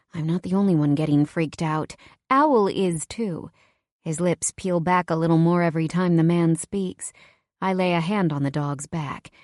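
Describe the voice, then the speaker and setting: A woman narrating a first-person romance audiobook in a wry, conversational, expressive way. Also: on the low side, no echo, clean studio sound.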